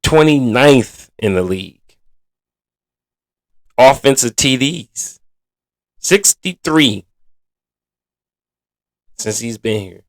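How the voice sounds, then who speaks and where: A man's voice: mid-range voice, expressive, very slow, pauses often, no room sound. A man hosting a sports podcast in a casual, blunt and exasperated manner, full of colloquial slang. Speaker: podcast host.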